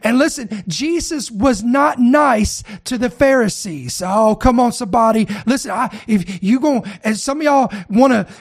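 A male preacher in full sermon mode, his voice pitched high for a man. He talks with fervent emphasis, stacks up phrase after phrase and keeps calling on the congregation to answer him. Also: lively intonation, moderate pace, hardly any pauses. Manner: repetitive, building lists.

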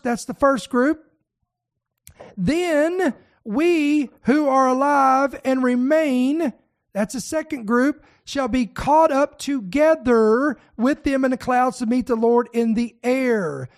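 Preacher, high voice, fervent sermon, reads scripture, exhorts listeners. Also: slow pace.

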